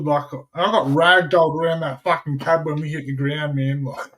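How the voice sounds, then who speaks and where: An Australian man telling a wild story in casual chat, swearing freely and animated. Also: a little high, normal speed.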